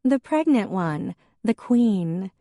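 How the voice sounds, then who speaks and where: A woman's voice: medium pitch, big pitch swings, slow pace, mellow, no room sound, studio quality, voice pushed up. A woman voicing a playful, teasing pregnant young sister in an audiobook.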